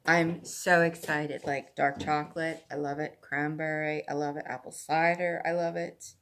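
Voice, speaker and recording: A woman's voice: low-pitched, level tone, moderate pace, a bit bright. A Canadian woman hosting a cross-stitch vlog, chatting casually in a rambling way with lots of asides. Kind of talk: casual chat.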